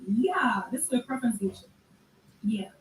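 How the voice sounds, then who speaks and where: A woman's voice: a little high, very animated. Sarcastic woman chatting, kinda far from the mic, roomy echo. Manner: sarcastic, conversational, drawn-out asides. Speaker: commentator. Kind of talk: casual commentary. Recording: echoey room, distant mic, faint noise.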